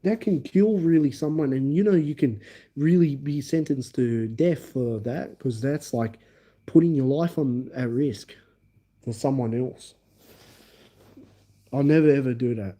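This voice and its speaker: An Australian man livestreaming a rambling personal story to his viewers. His voice is very dark and mellow at a middling pitch, and he keeps circling back with repeated phrases and fillers. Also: a little slow.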